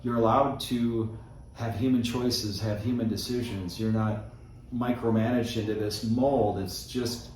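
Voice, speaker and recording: A man hosts a conversational interview in an earnest, reflective manner, offering many short affirmations. His voice is on the low side and darkish, with fairly even intonation and a measured pace. The recording is very echoey with a distant mic and slight background noise.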